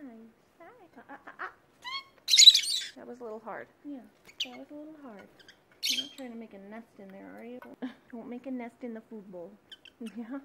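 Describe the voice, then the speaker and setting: A woman chatting to her pet birds at home beside their cage, in soft, sing-song baby talk with frequent small laughs. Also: a little high, noisy background.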